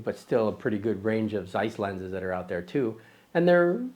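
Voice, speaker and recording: A man with a fairly low voice hosts a photography vlog. He talks to camera in a loose, chatty way. He wanders off topic, pokes fun at himself and fills gaps with ums and uhs. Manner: chatty and self-deprecating, with many fillers and restarts. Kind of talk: casual rambling talk to camera.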